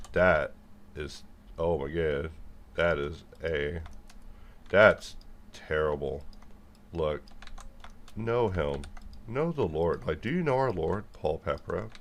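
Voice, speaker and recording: A young man in a rambling monologue to his viewers, jumping between jokes and animated rants. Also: deep voice. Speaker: software developer and video creator. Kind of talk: rambling stream-of-consciousness monologue.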